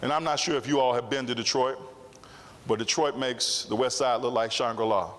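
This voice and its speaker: A man's voice: medium pitch, steady tone, a little fast, a crowd in the background. Guy giving a speech at a summit, storytelling w lots of repeating for emphasis, big echoey hall. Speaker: summit speaker. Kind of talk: public speech. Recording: long hall reverb.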